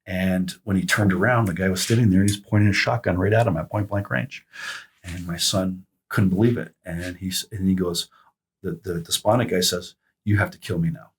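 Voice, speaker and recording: Middle-aged male guest, deep husky voice, halting reflective storyteller. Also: steady tone. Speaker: podcast guest. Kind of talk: casual conversation.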